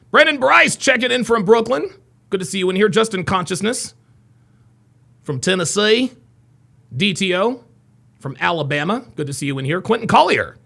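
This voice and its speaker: Bright, gravelly male livestream host. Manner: reads viewer names and places with upbeat shout-outs; drops into low mumbled asides. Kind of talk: casual livestream chat.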